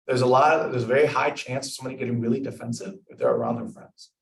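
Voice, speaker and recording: A man's voice: mid-range voice, steady tone, racing, gravelly. A young man leading a casual club discussion, rambling with lots of fillers and acting out example lines. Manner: rambling, filler-heavy, acts out example dialogue. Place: club meeting room. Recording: echoey room, mic far off.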